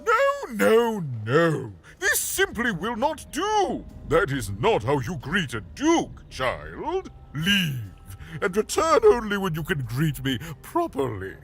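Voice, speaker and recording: A pompous duke who looks down on everyone. His voice rides high and swoops dramatically as he lectures slowly and haughtily. Game music plays behind him. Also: wildly swooping pitch, a bit bright, full character voice. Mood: haughty. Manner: pompous, dismissive, drawn-out lordly delivery. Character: haughty pompous duke, middle-aged man. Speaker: voice actor.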